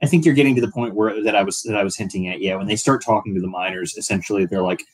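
Low-pitched man chiming in with corrections. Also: very fast, slightly rough. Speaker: podcast co-host. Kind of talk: casual chat.

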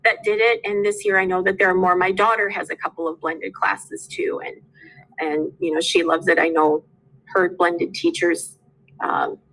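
A woman's voice: on the low side, flat delivery, moderate pace, fairly bright tone, rough recording. A middle-aged woman teacher, telling stories from her classes in casual conversation. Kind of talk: casual chat.

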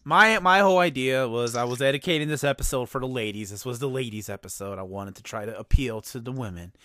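A man's voice: medium pitch, quick pace, no echo, studio quality. Laid-back male podcast host. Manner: jokey, relaxed, runs the segment. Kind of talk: casual chat.

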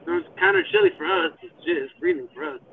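A man in casual chat, excitable and cursing freely. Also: very high voice, fast talker, vocal fry. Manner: excitable, cursing, laughing often. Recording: tinny phone line, distant from the mic, faint hiss.

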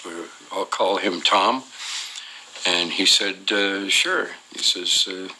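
Deep-voiced and level, a man takes it slowly as he tells his own story off the cuff, with a sharp tone. He stumbles along, frequently pausing on "uh" and reworking his sentences, and the recording quality is rough.

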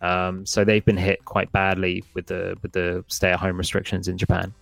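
Low-voiced man rambling about games. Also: moderate pace, gravelly, dry recording, faint music behind. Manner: rambling, many fillers and restarts, animated impressions. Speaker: podcast guest, gaming expert. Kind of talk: casual podcast chat.

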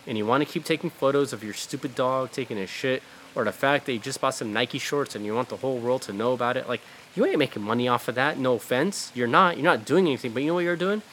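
Guy on a podcast ranting, swears a lot, says like and dude constantly, mid pitch, faint hiss behind. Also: quick pace, few pauses, a bit bright. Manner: blunt, profane, heated, lots of fillers. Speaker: podcast host. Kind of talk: casual ranting talk.

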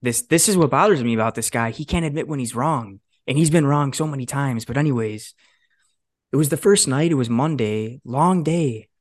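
A young man in his twenties, co-hosting a podcast and telling a story in a casual, animated way, swearing often and acting out what others said. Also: mid-range voice, moderate pace, dry recording, clean studio sound. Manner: animated, swears a lot, acts out quotes. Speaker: podcast co-host.

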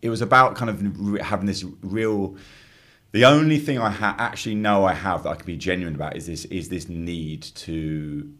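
Very deep man, reflective interviewee, searching for words. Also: fairly bright tone. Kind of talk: reflective casual chat.

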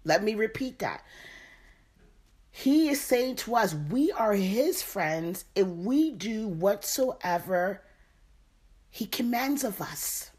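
A woman's voice: medium pitch, animated, takes it slowly, darkish tone, husky. A woman leading a Bible study, reading verses aloud and then repeating and explaining them. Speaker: Bible teacher.

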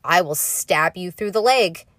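A cocky young knight speaks in a flat, lower, sarcastic tone, as a woman puts him on. He sounds brash and teasing. The sound is dry, with no room echo. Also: unhurried.

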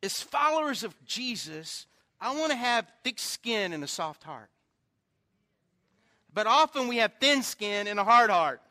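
A man's voice: high-pitched, big pitch swings, unhurried, bright, forceful tone. A male pastor preaching a sermon in a church, telling stories in a chatty way and joking about his own faults. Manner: conversational storytelling with self-deprecating humor.

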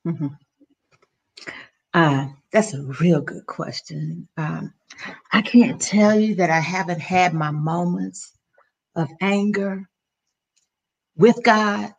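Middle-aged woman with a gravelly voice, pitched a bit low, earnest and emotional, restarts a lot. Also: slow pace, long pauses, highs cut off. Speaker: interview guest. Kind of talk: personal storytelling.

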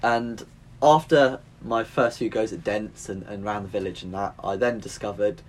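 A chatty man from England with a slightly low voice tells long stories in a relaxed podcast chat. He drops "mate" into almost every sentence, and his voice sometimes comes across a touch nasal. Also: normal speed, a little hiss or hum. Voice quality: sometimes sounds a bit nasal, like he has a cold. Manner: chatty, says "mate" constantly, self-mocking. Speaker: podcast guest. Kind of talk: casual storytelling chat.

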